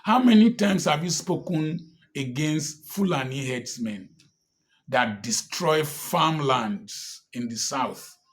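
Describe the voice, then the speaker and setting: A man delivering impassioned political commentary in a fairly high voice. He speaks slowly and deliberately, hammering home one rhetorical question after another. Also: expressive. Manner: repeated pointed rhetorical questions.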